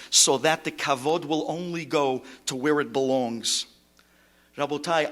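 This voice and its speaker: A male rabbi giving an impassioned eulogy sermon. He swings between shouting and hushed tones and sprinkles in Hebrew terms. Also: medium pitch.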